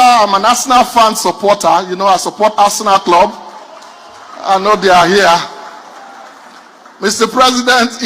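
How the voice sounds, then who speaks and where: A Nigerian man does stand-up comedy in a high, pushed, bright voice. He speaks straight to the audience, telling punchy stories.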